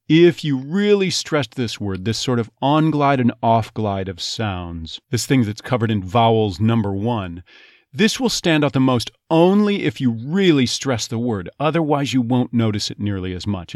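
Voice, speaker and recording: An accent coach teaches step by step, demonstrating sounds one word at a time in a medium-pitched voice. The recording is clean studio sound with no echo.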